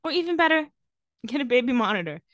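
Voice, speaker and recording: Woman podcast host, kinda high voice, dry close mic, chatty recap. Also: very animated, fast, a bit bright, no echo. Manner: recaps scenes, acts out quotes with jokes. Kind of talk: casual recap chat.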